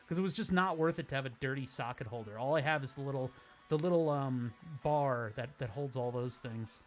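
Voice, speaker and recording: A man chats casually while streaming a car-building game, drifting into stories as he works. His sentences wander and restart as he thinks aloud. Game music hums faintly behind him. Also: a little high. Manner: rambling, self-interrupting storyteller. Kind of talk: casual gameplay commentary. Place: home streaming setup. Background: game music playing faintly.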